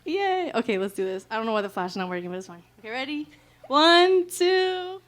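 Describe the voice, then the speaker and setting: A woman with a slightly high voice talks loosely to a crowd between songs at a small music venue. She is giggly and chatty, peppering her talk with "like" and "y'all" as she banters with the audience. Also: sing-song, fairly quick. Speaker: singer performing live. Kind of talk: casual stage banter with an audience.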